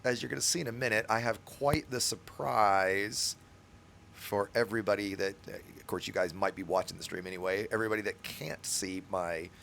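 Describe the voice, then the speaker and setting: A man's voice: fairly low pitch, fairly quick, gravelly, a little hiss or hum. A man hosting a game stream, telling stories in casual chat, swearing freely and tagging his sentences with "right?". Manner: animated storyteller, swears freely, many "right?" asides.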